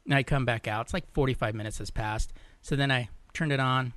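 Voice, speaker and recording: A man co-hosts a podcast, talking through his weekend in a relaxed, easygoing way. His voice sits at a middle pitch, and the recording is dry and close. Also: brisk, dry recording. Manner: relaxed, laughs often, short agreeing replies. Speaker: podcast co-host. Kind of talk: casual chat.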